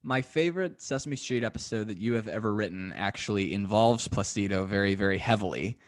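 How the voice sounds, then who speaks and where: A podcast host with a lowish voice speaks a little fast in a casual interview chat. He is an enthusiastic, chatty storyteller, telling his stories eagerly.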